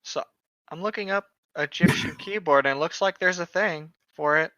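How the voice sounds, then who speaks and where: A young man co-hosting a casual podcast chat, sarcastic and quick with profane jokes, on a dull lo-fi mic. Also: fairly high pitch, sharp tone, no room sound. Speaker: podcast co-host.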